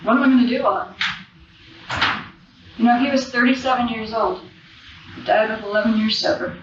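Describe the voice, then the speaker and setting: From a podium in a large convention hall, a woman with a fairly high voice gives a raw, profane recovery testimony at a moderate pace, her fairly even intonation broken by emotional swells. The recording is echoey, distant, and dull, with a noisy background.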